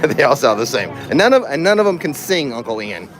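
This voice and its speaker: A man's voice: medium pitch, sing-song, a little fast, fairly bright tone. A man chats casually on a livestream as he strolls outdoors, his voice swinging up and down with animation. He jokes around and laughs at his own jokes. Faint music and the murmur of a crowd drift in behind him. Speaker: livestream host. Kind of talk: casual livestream chat while walking. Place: outdoors in a theme park. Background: music and crowd in the background.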